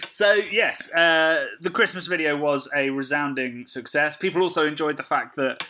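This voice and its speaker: A man's voice: on the high side, measured pace, bright, forceful tone, a little hiss or hum. A man co-hosting a podcast in casual chat, dry and teasing, often laughing. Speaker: podcast co-host.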